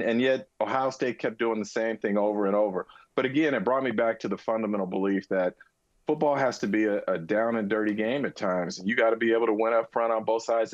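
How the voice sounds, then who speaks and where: Low-voiced, emphatic man in a dull dry studio. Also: dry recording. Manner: emphatic, argumentative, preachy. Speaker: co-host. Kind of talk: casual sports talk.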